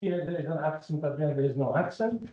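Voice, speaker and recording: A man giving an academic conference talk, speaking as a with frequent fillers and pauses. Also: on the high side, animated, lo-fi sound. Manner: slow, halting, with many fillers. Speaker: conference presenter.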